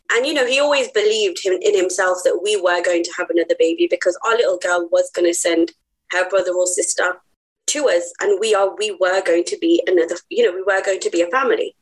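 A woman's voice: medium pitch, fairly quick, poor audio. A woman guest on a podcast, earnest and heartfelt as she tells her personal story. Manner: earnest, heartfelt, laughs easily.

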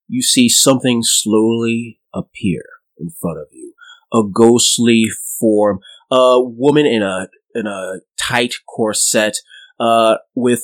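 A man narrating a tabletop game as game master, in a casual, halting way. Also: medium pitch, rough recording.

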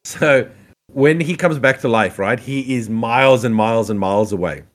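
A man's voice: medium pitch, normal speed. A man co-hosting a podcast, chatting casually about a TV show and swearing freely as he tells the story. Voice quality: swears a lot, animated storytelling. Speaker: podcast co-host reviewing TV. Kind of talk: casual chat.

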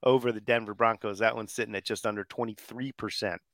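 A man's voice: lowish voice, fairly even intonation, fast, fairly bright tone, no echo. An upbeat man co-hosts a sports podcast and works through stats and picks in casual banter. The sound is close and dry. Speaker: podcast co-host.

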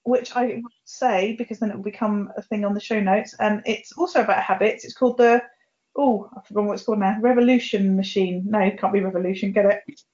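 A woman's voice: mid-range voice, steady tone, brisk, darkish tone. A woman hosting a podcast, chatting casually and poking fun at herself, laughing often. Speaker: podcast host. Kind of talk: casual chat. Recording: dull lo-fi audio.

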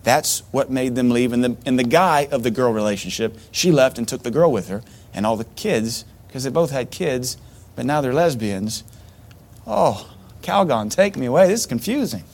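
A middle-aged man preaching a sermon as pastor, animated, with sudden loud outbursts and mocking asides. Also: mid-range voice, normal speed.

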